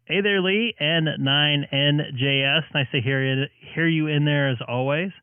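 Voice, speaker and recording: A man's voice: fairly high pitch, unhurried, clear, resonant tone, no echo. Friendly male ham radio host. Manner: friendly, chatty with filler words. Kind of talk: casual radio chat. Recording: narrow phone-like radio sound.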